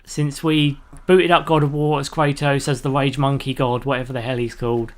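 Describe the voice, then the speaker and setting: A man's voice: medium pitch, flat delivery, normal speed. A man giving casual live-stream commentary while playing a video game, rambling and chatty as he talks to his viewers. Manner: laughs easily at his own jokes.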